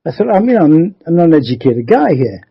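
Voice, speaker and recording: Man in his 70s, rambling storyteller, fairly high voice, husky tone, dull lo-fi call audio. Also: very animated, a little fast. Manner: rambling, repeats 'you see' and restarts. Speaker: interview guest. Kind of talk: telling a life story in a radio interview.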